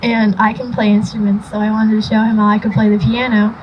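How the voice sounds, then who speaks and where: Young woman rambling in a flat voice. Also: mid-range voice, brisk, highs cut off, slight background noise. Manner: rambling, many fillers, laughing softly. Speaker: granddaughter giving a eulogy. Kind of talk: memorial speech, personal story.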